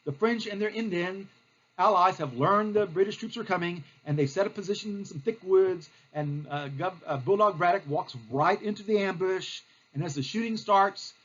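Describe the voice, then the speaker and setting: A male history teacher telling a lesson as a playful, animated story, with lots of fillers. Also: high voice, moderate pace, highs cut off.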